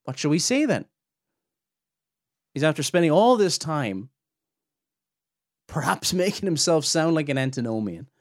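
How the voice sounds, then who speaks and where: A man's voice: on the high side, sing-song, a little slow, pauses often, no room sound, clean studio sound. A man hosting a podcast, teaching on theology in an earnest, emphatic way that climbs sharply when he presses a point. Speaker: podcast host and Bible teacher.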